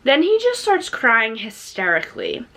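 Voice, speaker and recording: A young woman telling a storytime vlog story in an animated, chatty way, with many "like"s. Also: a little high, normal speed. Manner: animated, chatty, says "like" often; laughs while telling the story. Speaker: vlogger.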